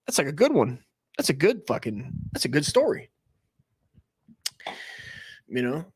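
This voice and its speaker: A man in his forties from the United States who hosts a comedy stream and talks in a rambling, profane, excitable monologue full of restarts. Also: fairly high pitch, measured pace, slightly rough. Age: 40s.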